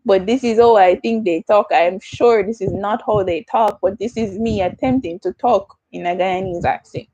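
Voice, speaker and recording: A woman's voice: medium pitch, normal speed, hardly any pauses, dark tone, no room sound, natural voice, low-quality recording. A Jamaican woman putting on a mock Guyanese accent, exaggerated and teasing.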